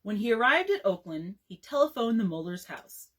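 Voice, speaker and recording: A woman librarian reading a bedtime story aloud in an expressive, storytelling way. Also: mid-range voice, normal speed, rough recording.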